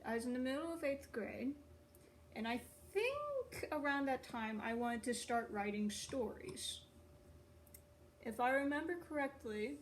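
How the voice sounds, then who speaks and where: A woman's voice: fairly high pitch, a little hiss or hum, poor audio. A young adult woman chatting casually to viewers in a rambling, offhand way. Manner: rambling, chatty, laughs at herself. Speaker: online writer and video creator. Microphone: phone.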